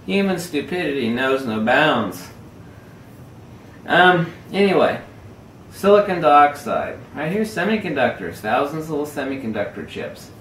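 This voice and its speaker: A man's voice: fairly high pitch, big pitch swings, unhurried, fairly bright tone, slight background noise. A man ranting emphatically and sardonically in a casual camera-gear vlog. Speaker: photography vlogger. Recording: roomy echo, mic at a distance.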